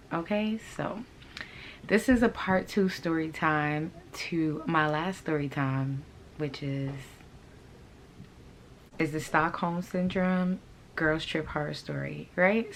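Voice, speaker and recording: A woman tells a casual story-time tale in a low, settled voice. She keeps it laid-back and full of slang and talks straight to her viewers. A faint hum sits behind her. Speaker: fashion channel host telling a story.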